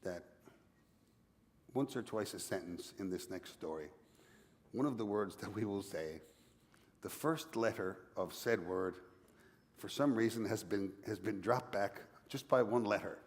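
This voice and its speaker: A man's voice: lowish voice, a little slow, pauses often, big-room sound. A man from Newfoundland, Canada, with a Newfoundland accent, telling a playful story on stage as an author guest at a library event.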